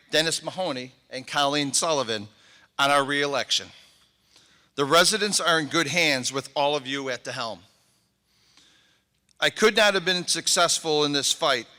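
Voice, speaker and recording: A middle-aged mayor with a fairly high, sharp-toned voice gives a heartfelt, emotional inauguration speech. He thanks people one by one, and his words echo through a large convention hall.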